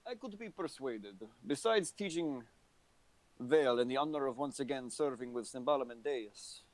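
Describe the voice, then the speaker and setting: A man voicing a proud old male soldier who speaks in a measured, formal way. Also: mid-range voice, lively intonation, dry recording, natural voice, poor audio.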